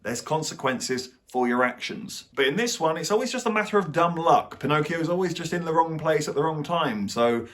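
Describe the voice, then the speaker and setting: A man's voice: a little high, animated, normal speed, a bit bright. A young man giving a blunt, sarcastic film review as the host of his channel.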